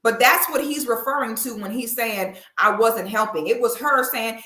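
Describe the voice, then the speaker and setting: A woman's voice: fairly high pitch, moderate pace, few pauses, sharp tone, echoey room. A woman giving blunt, opinionated commentary in a sassy, preachy way. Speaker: commentary vlogger.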